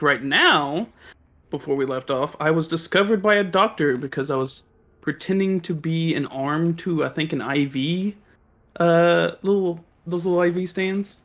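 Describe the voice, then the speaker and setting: A man's voice: on the high side, a bit bright. A man introducing himself as a player in a tabletop game, joking and self-deprecating, with hesitant fillers. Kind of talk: casual chat in a tabletop game.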